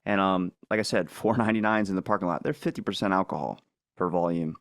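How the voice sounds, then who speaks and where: A man's voice: low-pitched, fairly even intonation, fast talker, vocal fry, dry recording, studio quality. A man chatting casually as a podcast guest, telling rambling stories with lots of fillers and swearing. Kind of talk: casual chat.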